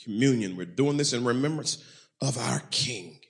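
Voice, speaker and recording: A male pastor preaching a sermon, breaking into loud shouted bursts, throwing in folksy humor and leading the congregation in call-and-response. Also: medium pitch, lively intonation, moderate pace.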